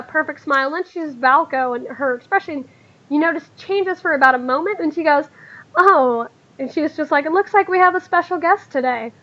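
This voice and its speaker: A woman narrating a tabletop game as game master, talking in a halting way full of fillers. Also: high voice, pushed and bright, muffled recording, a little hiss or hum.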